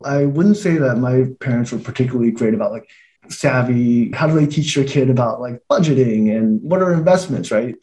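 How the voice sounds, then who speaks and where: A man in his thirties, born in Taiwan, talking casually as a podcast guest, relaxed and often laughing, full of filler words. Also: mid-range voice, a little fast. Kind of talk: casual conversation.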